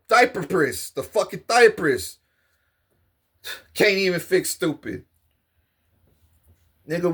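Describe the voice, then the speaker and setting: Man, high voice, profane comedic rant, animated and boastful. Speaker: vlogger. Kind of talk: comedic rant with acted scenes.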